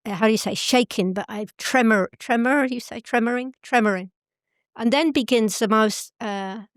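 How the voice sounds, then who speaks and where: A middle-aged woman telling a personal story as an interview guest, earnest and pausing to search for the right English words. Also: medium pitch, no echo, clean studio sound.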